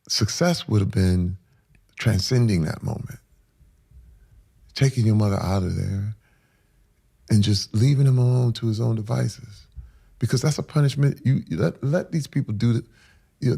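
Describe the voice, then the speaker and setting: A middle-aged man, interviewed as a guest, tells an emotional personal story with intensity, sinking to hushed whispers and then rising in sudden loud bursts. His voice is mid-range, gravelly and husky.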